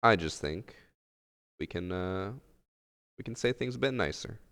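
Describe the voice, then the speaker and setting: Brief: low-voiced male streamer, gravelly edge, laid-back rambling chat, long reverb. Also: animated, a little slow, fairly bright tone. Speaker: game streamer. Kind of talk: casual live-stream chat.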